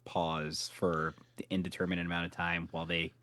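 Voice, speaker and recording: A man co-hosting a podcast, chatting about a TV episode with quick, teasing quips. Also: deep voice, little pitch movement, a bit bright. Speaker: podcast co-host. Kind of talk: casual chat about a TV episode.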